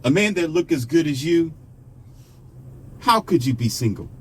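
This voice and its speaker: A man's voice: fairly high pitch, very animated, a little slow, a little hiss or hum, voice pushed up. Man putting on a flirty foreign woman. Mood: teasing.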